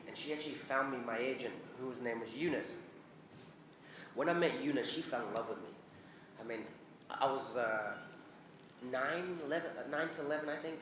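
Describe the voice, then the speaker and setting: A man in his forties with a New Zealand accent, telling lively stories at a convention Q&A, acting out the voices of the people in his anecdotes and laughing often. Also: mid-range voice, a little hiss or hum. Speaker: convention guest. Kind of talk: animated storytelling Q&A. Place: convention hall. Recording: roomy convention hall.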